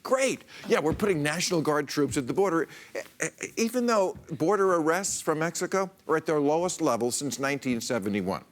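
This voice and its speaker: A man's voice: on the high side, expressive, brisk. A middle-aged American man delivering a sarcastic stand-up monologue as a late-night comedy host in a television studio before a live audience. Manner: wisecracking, sarcastic, laughing between jokes. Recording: loud studio audience laughter and noise.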